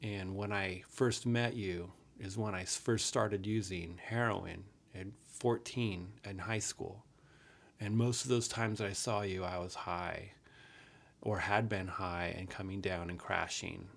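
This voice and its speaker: Low, gravelly man telling his story. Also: fairly even intonation, unhurried. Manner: earnest, frank, swears casually. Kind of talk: candid personal storytelling.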